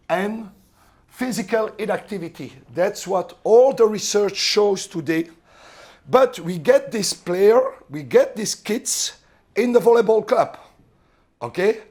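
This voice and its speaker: A middle-aged man with a French accent, a volleyball coach lecturing other coaches, halting and searching for words with many fillers. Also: high voice, darkish tone. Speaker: volleyball coach giving a seminar talk.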